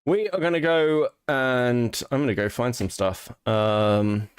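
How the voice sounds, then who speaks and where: A European man hosts a livestream, speaking in a mid-range voice with a slow pace and clean tone. He talks casually and rambles profanely as he thinks aloud.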